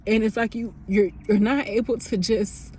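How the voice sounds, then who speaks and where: A woman's voice: fairly high pitch, steady tone, normal speed, darkish tone, slight background noise. A woman in her thirties, a nurse, talking candidly and emotionally to her phone camera in a rambling, casual way. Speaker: nurse vlogger.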